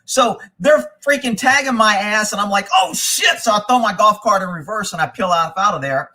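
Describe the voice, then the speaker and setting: A man spins a profane story on a live show, his voice high and bright. He swears freely and acts out the people he quotes. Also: brisk. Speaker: host. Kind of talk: casual live-stream storytelling.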